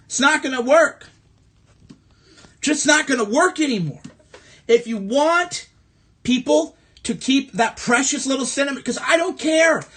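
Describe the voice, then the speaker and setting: A man from the American Midwest delivers an angry, profane livestream rant into his phone. His voice sits high for a man, and he hammers his points through sarcastic repetition. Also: a bit bright. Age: adult. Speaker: livestream host. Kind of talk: ranting political livestream monologue.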